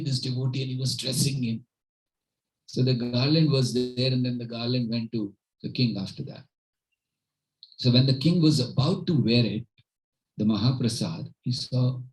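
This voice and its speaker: A man telling devotional stories at a home gathering, animated and acting out the characters' voices. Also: mid-range voice, rough recording. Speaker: spiritual teacher. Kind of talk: devotional storytelling talk.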